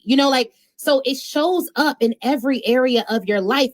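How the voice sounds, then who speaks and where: A woman's voice: sits high, normal speed, few pauses. Emphatic woman hosting a motivational podcast. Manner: emphatic, preachy, playful, slips into informal slang. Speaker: podcast host and speaking coach. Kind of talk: motivational solo podcast talk.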